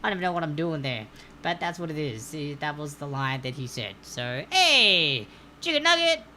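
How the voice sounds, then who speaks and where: Aussie lady running stream trivia, bright crisp voice, chatty, bit of faint hiss behind. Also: low-pitched, fast talker. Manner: upbeat, chatty, greets viewers while reading answers. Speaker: trivia host. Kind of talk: live-stream trivia hosting.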